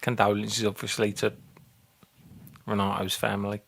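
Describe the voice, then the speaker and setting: Comedy podcast co-host, man, 40s, rambling and sweary, bright tone. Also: fairly low pitch, level tone, moderate pace, vocal fry. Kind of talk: casual comedy chat.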